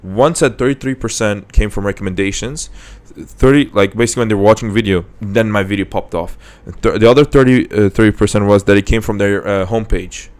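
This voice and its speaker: A young podcast host chats casually, relaxed as he tells rambling stories that keep restarting. His voice sits on the low side and moves a little fast with few pauses.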